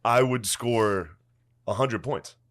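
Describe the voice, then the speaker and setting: A man's voice: medium pitch, slow. A young man on a comedy podcast, telling a story in a casual, incredulous, laughing manner.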